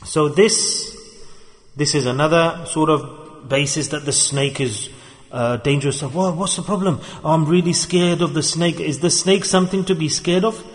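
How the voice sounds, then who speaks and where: A man's voice: fairly high pitch, normal speed. A man giving a sermon in a mosque, telling stories and acting out the voices of the people in them. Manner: storytelling, acts out quoted voices. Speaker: religious teacher. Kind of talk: sermon with acted examples. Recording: long hall reverb.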